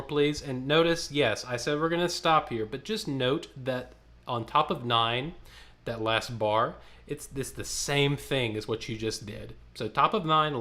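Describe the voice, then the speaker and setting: A man's voice: mid-range voice, a bit bright. A man leading an online choir rehearsal, counting beats, speaking syllables aloud and singing lines for the singers to copy. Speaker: choir director.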